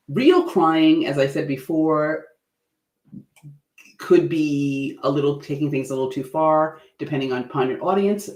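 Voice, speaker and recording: Playful, animated man coaching in an echoey room. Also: medium pitch. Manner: animated, acts out facial expressions with playful asides. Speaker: presentation coach hosting a livestream. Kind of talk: livestream lesson.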